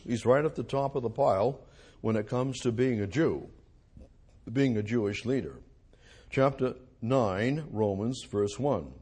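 Husky-voiced man preaching a sermon. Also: mid-range voice. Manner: swings from hushed to loud emphasis, slow dramatic phrasing. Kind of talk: expository sermon reading scripture.

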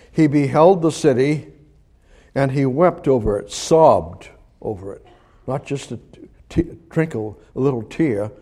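Male preacher, mellow voice, conversational sermon with rhetorical questions, swings from emphatic to hushed. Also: mid-range voice.

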